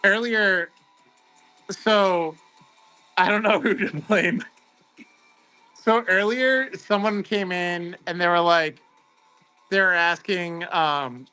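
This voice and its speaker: Upbeat male stream host, high bright voice, chatty, faint music behind. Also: slow, long pauses, clean tone. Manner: excitable, chatty, greets viewers by name. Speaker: host of a card-opening livestream. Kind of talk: casual livestream chat.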